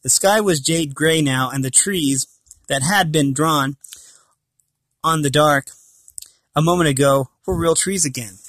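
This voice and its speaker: A man's voice: a little high, measured pace, long pauses, a bit bright, no room sound. Dry-voiced man reading a storybook aloud. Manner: stumbles and corrects himself mid-sentence. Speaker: reader of a novel.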